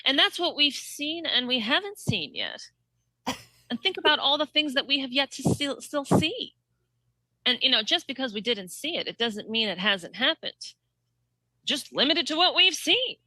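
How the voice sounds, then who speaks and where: A high, swooping, singsong voice of a female politician, rambling in slurred circles, as a woman puts her on. Lines rise into bright peaks and trail off without landing. Each sentence loops back on itself. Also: sing-song, normal speed, no echo, exaggerated voice, rough recording. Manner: slurred, circular, singsong phrasing.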